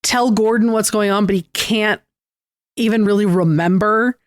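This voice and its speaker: Relaxed, chatty co-host recapping a comic. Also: medium pitch, moderate pace, dry recording, studio quality. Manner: relaxed recapping, many fillers like "like". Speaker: podcast co-host. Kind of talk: casual comic book chat.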